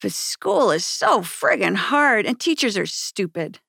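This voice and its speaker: A woman's voice: mid-range voice, very animated, unhurried, gravelly, bright, forceful tone, husky, dry recording, studio quality, heavily acted. A woman voicing a streetwise young male ex-gang member who talks bluntly and casually, in a memoir read aloud. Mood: offhand.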